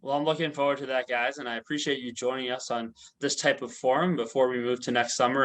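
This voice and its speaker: A man's voice: medium pitch, fairly bright tone, rough recording. A man, a team beat reporter, chatting jovially as he interviews two guests. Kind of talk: casual interview.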